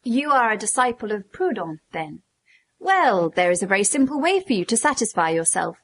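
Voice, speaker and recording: Breathy woman reading a classic dialogue. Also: medium pitch, moderate pace. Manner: lively, theatrical reading with raised questioning tones. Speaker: audiobook narrator. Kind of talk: narrating a classic essay as dialogue.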